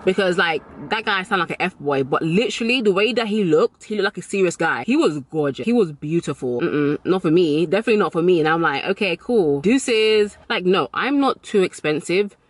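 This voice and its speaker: A woman's voice: lowish voice, fairly quick, few pauses, no room sound. A woman giving motivational dating advice to camera, emphatic and repeating key lines for effect, and acting out the voices in her stories. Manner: animated storyteller, acts out quoted voices.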